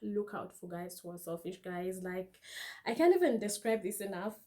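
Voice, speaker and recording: A woman's voice: mid-range voice, animated, moderate pace, darkish tone. A woman vlogger giving dating advice in a casual monologue to camera, earnest and emphatic, sometimes quoting scripture. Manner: emphatic and earnest, stretching words for stress; preachy, quotes scripture.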